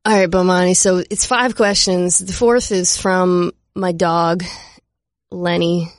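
Man podcast host, gravelly, dry sound, jokey, laughs a lot. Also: sits high, flat delivery, no echo. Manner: joking, laughs often, quick asides. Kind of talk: casual sports podcast chat.

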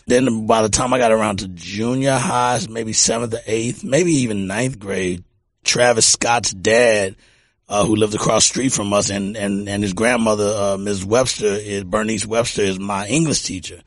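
A man's voice: lowish voice, fairly even intonation, moderate pace, no room sound. A middle-aged man from Texas, a music producer telling stories in a casual interview and often repeating words as he talks. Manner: rambling, repeats words, warm anecdotal.

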